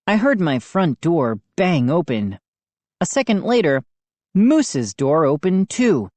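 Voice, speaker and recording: A woman narrating a children's horror audiobook in a measured storytelling manner. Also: sits low, sing-song, darkish tone, no echo. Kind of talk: audiobook reading.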